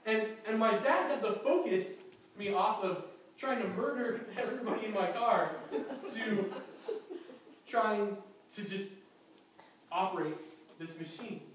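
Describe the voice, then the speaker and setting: High-voiced man preaching in echoey church. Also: unhurried, long pauses. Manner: lively anecdotal storytelling with chuckles. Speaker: pastor. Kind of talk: sermon storytelling. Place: church sanctuary. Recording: very echoey church hall from far off, faint noise.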